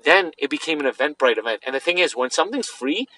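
A young man co-hosting a podcast, telling a funny story in an animated, joking way. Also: fairly high pitch, fast, rough recording. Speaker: podcast co-host. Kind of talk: casual chat, storytelling.

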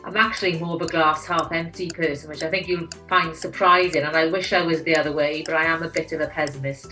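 A woman in her forties from Wales with a Valleys Welsh accent, frank and lively as an interview guest. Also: deep voice, quick pace, recorded from a distance, faint music behind, low-quality recording. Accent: South Wales Valleys Welsh. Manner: frank, lively, self-deprecating. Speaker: magazine editor, podcast guest. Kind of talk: casual interview chat.

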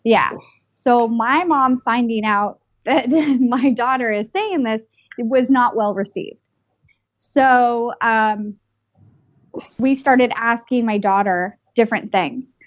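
Woman podcast co-host, storyteller type, mimics voices; higher pitch, dry, slightly dull sound. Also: takes it slowly, dry recording. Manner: animated, acts out quoted voices. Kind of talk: casual storytelling chat.

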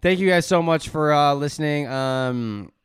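A man's voice: fairly high pitch, moderate pace, clear, resonant tone. A young man co-hosting a podcast in casual, rambling, swear-laden chat. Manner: profane, rambling, jokey. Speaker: podcast co-host.

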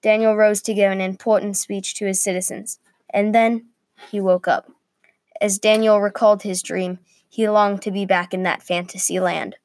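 A woman reading a medieval adventure story aloud at a middle pitch, steady but with small slips. The sound is dry and close, with no room around it. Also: moderate pace, dry recording.

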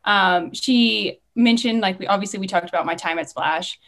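A young woman chats as a podcast guest, bubbly and quick, tumbling from one story into the next. Her voice sits in an ordinary middle range. She talks casually, full of enthusiasm. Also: medium pitch, a bit bright. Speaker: guest, former ride skipper.

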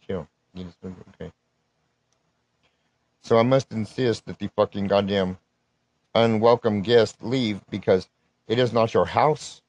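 A man's voice: on the low side, darkish tone, rough recording. A man delivering an unscripted live rant, profane, threatening and rambling. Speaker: solo podcaster.

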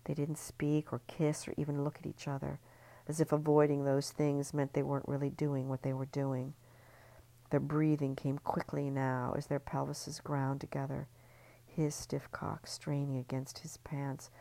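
A woman reads a serialized story in a hushed, intimate manner. Her voice is low and dark, with a steady gravelly fry running through it. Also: moderate pace, low-quality recording. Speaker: narrator. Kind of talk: scripted audiobook narration.

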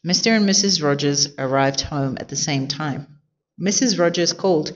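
A woman reading a children's picture book aloud in a clear, expressive way. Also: low-pitched, moderate pace, dull audio. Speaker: storyteller.

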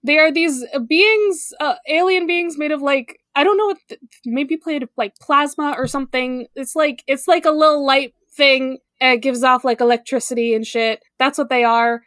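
A woman's voice: high voice, steady tone, normal speed, a bit bright, no room sound, studio quality. A woman co-hosting a podcast in casual chat, rambling and swearing as she tells a story. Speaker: podcast co-host.

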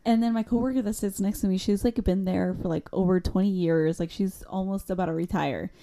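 A woman's voice: medium pitch, fairly even intonation, a little fast, crowd noise. A young woman co-hosting a podcast, talking earnestly about work and quoting coworkers, laughing at herself. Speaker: podcast co-host. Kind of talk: casual chat.

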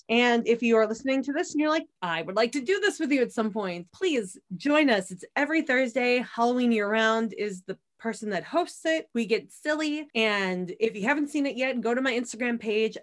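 A woman in her thirties co-hosting a casual podcast, chatty and rambling with frequent restarts. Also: on the high side. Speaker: podcast co-host.

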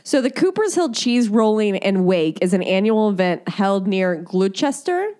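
A woman's voice: medium pitch, very animated, moderate pace, a little mellow. A young woman co-hosting a podcast, telling a story in casual chat and laughing as she goes. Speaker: podcast co-host.

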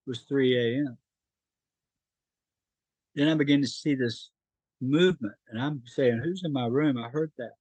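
A man's voice: mid-range voice, a little slow, pauses often, darkish tone, husky, no echo, rough recording. A middle-aged man from North Carolina, a podcast guest telling his life story in an emotional, earnest way.

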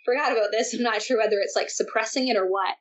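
A young woman guest on an interview, telling surf stories in a lively, animated way with frequent laughs. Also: on the high side, fast. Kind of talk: casual interview chat. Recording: dull lo-fi sound.

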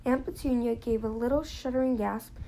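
A woman's voice: on the high side, fairly even intonation, brisk, creaky, warm tone, rough recording. A woman reading a novel aloud in a plain manner, now and then slipping and restarting a phrase. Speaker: reader.

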